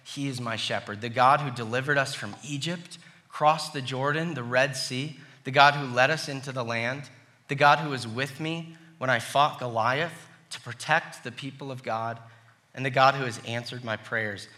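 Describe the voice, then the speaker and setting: A middle-aged male pastor delivers a sermon in a bright, clear voice at an ordinary pitch. He reads scripture slowly and deliberately, then moves into personal stories, acting out the voices of the people in them. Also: fairly even intonation.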